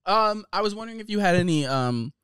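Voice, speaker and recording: A man's voice: sits high, animated, fast, fairly bright tone, smooth, dry recording. A young man co-hosting a podcast, asking loose questions and joking in a casual chat on a studio mic. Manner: playful, laughs often, loose questions. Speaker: podcast co-host. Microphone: studio microphone.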